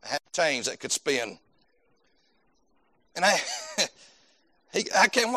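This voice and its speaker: A man's voice: fairly high pitch, very animated, slow, long pauses, sharp tone. A male preacher delivering a sermon with fervent, repetitive emphasis. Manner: fervent, repeats words while building points.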